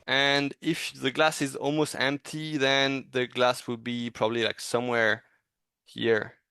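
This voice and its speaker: A man giving a casual, encouraging animation critique in a thoughtful, halting way. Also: mid-range voice, little pitch movement, gravelly, pushed and bright, clean tone, no echo. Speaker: animation reviewer.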